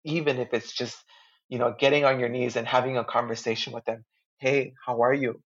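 A man in a relaxed podcast conversation, speaking as a guest astrologer. He sounds earnest and heartfelt, with a middle-pitched voice and casual slang. The audio is muffled and lo-fi. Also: fast.

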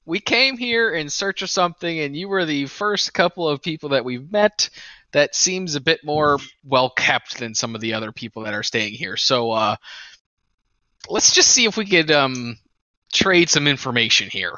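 A player voicing a large, scholarly male adventurer who answers with calm, curt stubbornness. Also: mid-range voice, moderate pace, no room sound, lo-fi sound. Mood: calm, defiant. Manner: dry, unbothered, curt refusals.

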